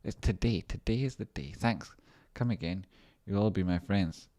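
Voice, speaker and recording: A man with a notably deep, low voice hosts a trading livestream. He rambles loosely, jokes around and swears casually while working through viewer messages. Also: moderate pace, dark tone. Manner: rambling, joking and swearing while reading chat. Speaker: stock trading streamer.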